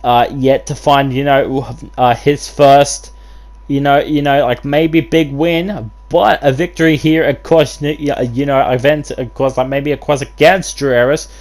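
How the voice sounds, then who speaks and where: A man's voice: mid-range voice, steady tone, unhurried, darkish tone. A man calling wrestling play-by-play as host, rambling through constant fillers and restarts, breaking into bursts of hype. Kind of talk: excited wrestling play-by-play commentary.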